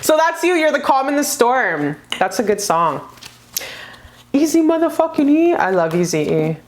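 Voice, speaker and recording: A woman giving a casual pick-a-card tarot reading, gushing and profane, with bursts of high excitement. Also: normal speed.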